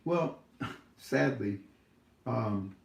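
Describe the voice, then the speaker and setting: A man's voice: medium pitch, expressive, drawn-out words, gravelly, echoey room, rough recording. A man hosting his own YouTube channel, talking casually to viewers from home in a scolding, preachy way, rambling with many fillers.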